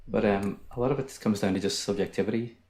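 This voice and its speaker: Appearing as a podcast guest, this Northern Irish man has a calm, low-pitched voice. He's having a casual chat, talking fast but fluidly in a steady, soothing way.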